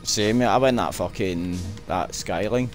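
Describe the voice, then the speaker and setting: A Scottish man gaming with a friend in casual, sweary banter that breaks into high yelling outbursts. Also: measured pace, faint music behind. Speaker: gamer streaming with a friend.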